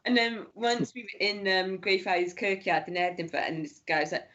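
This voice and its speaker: A young woman chats as a podcast guest, dropping quick asides and plenty of "like". Her pitch is middling. The recording is muffled and lo-fi. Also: a bit bright, a little hiss or hum. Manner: chatty, quick asides, "like" fillers. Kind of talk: casual chat. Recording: dull lo-fi podcast audio.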